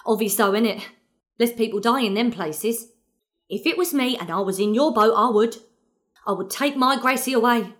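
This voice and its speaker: A woman's voice: fairly high pitch, moderate pace, a bit bright, lightly acted. A woman with a Cockney accent playing a working-class London mother in a radio play, talking in a rambling, heartfelt and apologetic way. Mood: apologetic pleading. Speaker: actor in an audio drama.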